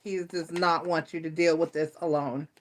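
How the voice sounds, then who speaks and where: A woman's voice: deep voice, steady tone, normal speed, slight background noise. A woman giving a live tarot reading, rambling and reassuring, with many fillers and restarts. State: close to tears. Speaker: tarot reader.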